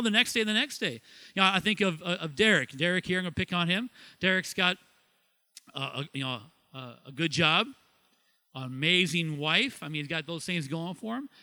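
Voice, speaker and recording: A middle-aged man from Ohio preaching a sermon as pastor, lively, asking questions and laughing at himself. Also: sits high. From Ohio, USA.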